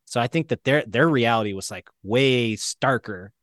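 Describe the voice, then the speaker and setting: A man from Florida, an injured veteran, telling his story as an interview guest in a casual, animated way, acting out the quotes. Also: mid-range voice, moderate pace, dry recording, clean studio sound. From Florida, United States. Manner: animated, acts out quotes with shifts in voice.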